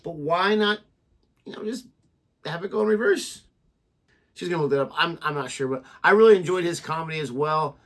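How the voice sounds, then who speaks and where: A man co-hosting a reaction video, chatting in a musing, questioning, halting way. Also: fairly high pitch, a bit bright. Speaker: reaction channel co-host. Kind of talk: casual chat.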